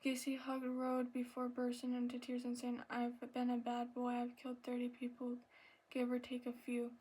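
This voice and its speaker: A woman reads aloud in a soft ASMR voice, breathy and a little out of breath. Her voice sits fairly high but stays flat and even, with few rises or falls. She trips over words, apologizes, and now and then sinks into a whisper. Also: moderate pace. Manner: soft reading with stumbles and apologies, slipping into whispers. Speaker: ASMR channel host.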